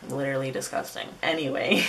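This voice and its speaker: A woman's voice: extremely low pitch, brisk, a bit bright, far from the mic, a little hiss or hum, rough recording. A woman YouTuber chatting casually through a storytime vlog, with casual slang and swearing.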